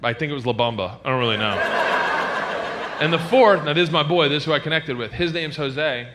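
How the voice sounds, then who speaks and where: A man doing a stand-up routine on stage, animated, breaking into squeals and shouts for effect. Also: a little high, brisk, background noise. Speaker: stand-up comedian.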